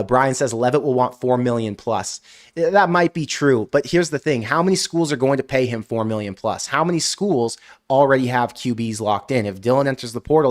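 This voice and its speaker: Man, football stream host, casual chat, ranting, answers viewer comments. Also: mid-range voice. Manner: ranting, animated outbursts; frequent "I don't know" hedging. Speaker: college football show host.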